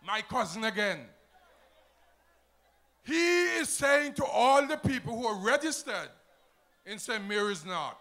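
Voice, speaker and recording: A man with an Antiguan accent giving a loud, emphatic political rally speech to a crowd. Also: sits high, very animated, unhurried, long pauses. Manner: shouting, emphatic, rousing crowd.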